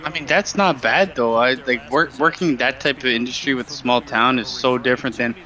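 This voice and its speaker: A man's voice: mid-range voice, brisk, pushed and bright, poor audio. A young man chatting casually, blunt and complaining, with frequent swearing. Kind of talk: casual chat.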